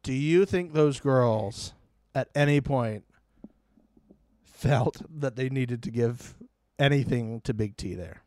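A man's voice: medium pitch, slow, no echo, studio quality. A man co-hosting a podcast, chatting casually about a reality show and acting out what people said. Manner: animated storyteller who acts out quotes and mimics fake laughter. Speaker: podcast co-host.

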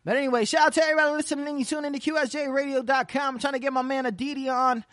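An internet radio host rattling off quick, slangy shout-outs in casual, hyped chatter. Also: high voice, steady tone, dry recording, studio quality. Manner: rapid repeated shout-outs, loose slangy banter.

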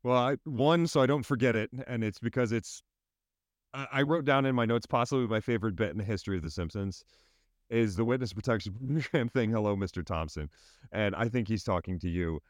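Podcast co-host, man, mid-pitched, laughs a lot, trips over his words, dry recording. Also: fairly quick, no echo. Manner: laughs often, stammers with excitement. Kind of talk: casual chat.

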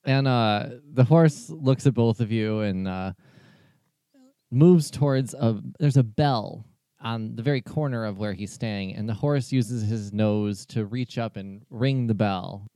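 A man's voice: lowish voice, a little slow, no room sound. Man narrating a tabletop game, dry. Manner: relaxed, many fillers. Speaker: game master.

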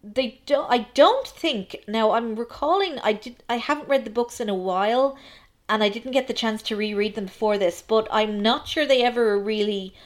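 A woman's voice: fairly high pitch, moderate pace. Chatty woman co-hosting a film podcast. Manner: chatty and analytical, many ums. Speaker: podcast co-host. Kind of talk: casual film discussion.

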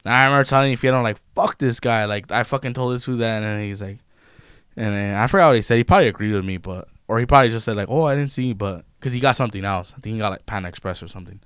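A young man, telling stories in a loose, profane, animated way in casual chat. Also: on the low side, very fast, clean tone, dry recording, studio quality. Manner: profane, animated retelling of customer-service run-ins.

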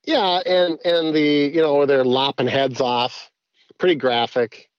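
A man's voice: mid-range voice, measured pace, smooth, dry recording. Rambling man, dry dull sound. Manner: rambling, animated, many restarts. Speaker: podcast guest. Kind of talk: casual podcast chat.

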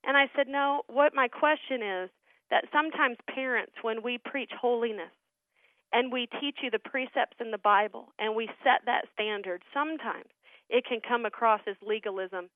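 A middle-aged woman, a ministry founder, telling family stories as a radio interview guest in an earnest, animated way. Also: a little high, normal speed, dry recording. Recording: tinny phone line.

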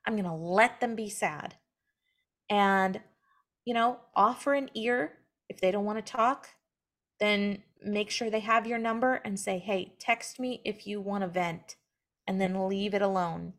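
A young adult woman with a mid-range voice speaks unhurriedly as a guest in a casual conversation about faith. A mother sharing her story, she's earnest and becomes animated when she acts out what others have said.

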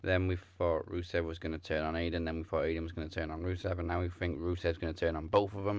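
Welsh man, very deep voice, dry close recording, relaxed hesitant chat. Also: quick pace, hardly any pauses, no room sound, highs cut off. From Wales. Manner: laid-back, hesitant with filler ums. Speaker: podcast co-host. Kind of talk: casual chat.

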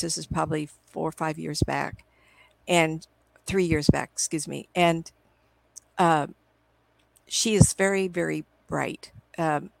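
Gravelly middle-aged woman telling stories. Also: sits low, no room sound, rough recording. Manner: rambling, chatty, quotes her own past conversations. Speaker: psychic medium guest. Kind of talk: casual storytelling in a live video interview. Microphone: computer video call.

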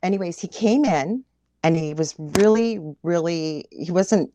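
A woman's voice: on the low side, unhurried, slight background noise. A woman from Canada, a guest medium, vividly recounting a story in a conversational interview. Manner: animated, vivid retelling.

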